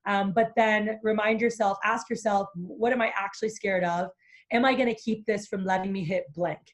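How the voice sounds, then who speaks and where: A woman business coach being interviewed, talking energetically and acting out the inner voices of fear. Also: mid-range voice. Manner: animated, acts out inner voices.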